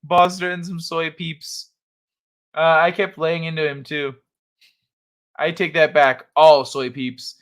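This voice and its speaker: Late at night, a man runs a livestream, talking loosely with viewers, laughing frequently, cursing and putting on animated voices to quote people in his stories. His fairly high voice is clear and resonant, and he speaks slowly with long pauses.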